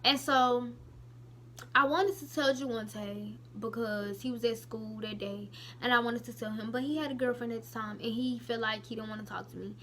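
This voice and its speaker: A young woman vlogger telling a personal story to her viewers in a casual, emotional, animated way with many asides. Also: on the high side, normal speed, a little hiss or hum.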